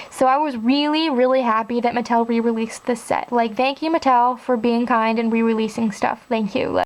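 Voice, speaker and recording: A young woman with a high, light voice talks through her collection in a relaxed, chatty way. She gushes with "like" and "really, really," the easy show-and-tell tone of a hobby vlog. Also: rough recording. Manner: chatty and enthusiastic, with frequent "like" and "really, really". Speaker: doll collector vlogger. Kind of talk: casual show-and-tell narration.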